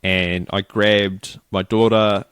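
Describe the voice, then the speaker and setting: A man's voice: on the low side, flat delivery, slow pace, a bit bright, smooth, no room sound, clean studio sound. A middle-aged New Zealand man chatting casually as a podcast co-host, rambling through a story and acting out the people in it. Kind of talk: casual chat.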